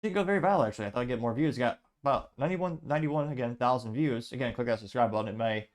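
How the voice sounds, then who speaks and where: A man hosting a political commentary show, sarcastic and halting, stumbling over words and restarting. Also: medium pitch. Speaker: host.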